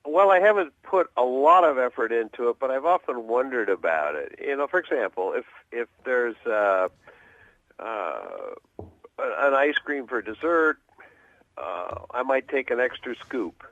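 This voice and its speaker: A man's voice: mid-range voice, expressive, unhurried, fairly bright tone, no echo. A middle-aged man calling a radio advice show, speaking hesitantly and thoughtfully. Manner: hesitant, thoughtful, many fillers and restarts. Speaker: caller. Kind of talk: phone call to a radio show. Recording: tinny dry phone line.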